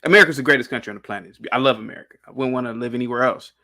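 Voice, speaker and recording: A man's voice: mid-range voice, rapid-fire, pushed and bright. A man speaking as a guest on a discussion panel, talking emphatically and rambling, with frequent restarts and repeated words. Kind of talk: casual opinionated discussion.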